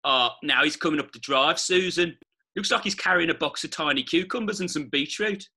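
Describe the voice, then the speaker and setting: A man's voice: a little high, fairly quick, bright, forceful tone, slightly rough, full character voice. A man voicing an awkward young son-in-law who talks in a flustered, hesitant, stammering way.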